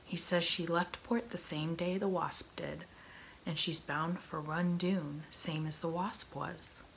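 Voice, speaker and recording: A woman's voice: on the low side, fairly even intonation, slow, vocal fry, slight background noise, low-quality recording. A woman whispering a vain, short-tempered male pirate captain in a whispered role-play. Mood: gruff.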